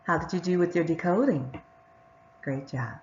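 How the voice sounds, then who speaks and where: A woman teacher giving a patient reading lesson to young children, sounding out words and reading sentences slowly and clearly. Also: lowish voice, a little mellow, lo-fi sound, a little hiss or hum.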